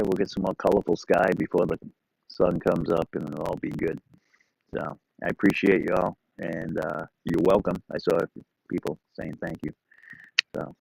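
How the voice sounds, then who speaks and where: Deep gravelly man chatting on a livestream. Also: flat delivery, normal speed, darkish tone, slight background noise, rough recording. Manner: rambling, easygoing, talking to viewers. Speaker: livestream host. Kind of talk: casual live-stream chat.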